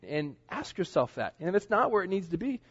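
Middle-aged guy preaching in church, kinda husky, talks casual and earnest, muffled lo-fi recording. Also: high-pitched, very animated, fairly quick, fairly bright tone. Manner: conversational, earnest preaching with asides. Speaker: pastor. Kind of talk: sermon.

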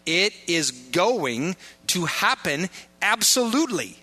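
Guy preaching a sermon, bright kinda high voice, jokey asides, repeats stuff for emphasis. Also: very animated, slow pace, breathy edge, faint music behind. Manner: informal, joking asides, emphatic repetition. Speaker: pastor.

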